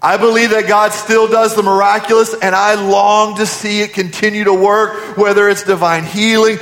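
A man preaching a sermon, his voice sitting fairly high for a man. He poses question after question to the congregation and sinks to a hushed tone on key points. The sound rings out with long reverb, as in a church sanctuary. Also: fairly even intonation, moderate pace, few pauses. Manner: preaching with rhetorical questions, dropping to quiet emphasis. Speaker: pastor.

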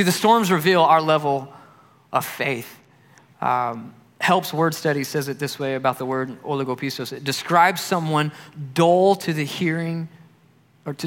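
A man's voice: on the high side, a bit bright. A man preaching a sermon as a pastor, in a conversational storytelling manner that acts out quotes. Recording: long hall reverb.

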